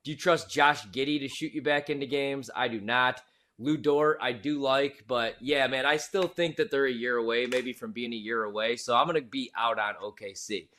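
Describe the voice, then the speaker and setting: An opinionated man co-hosting a sports betting show, with an average-pitched voice. He talks in casual slang and makes emphatic calls. His delivery is loose and conversational. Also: moderate pace, bright, forceful tone.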